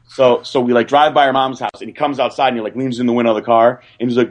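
A young man telling a story on a podcast in a rambling, excited way, full of fillers and restarts. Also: mid-range voice, fast talker, few pauses. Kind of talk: casual storytelling.

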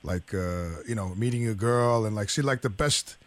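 A man's voice: fairly low pitch, moderate pace, dry recording. A middle-aged man in an audience chatting casually, telling a crude story in a rambling way. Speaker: audience member. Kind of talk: casual chat.

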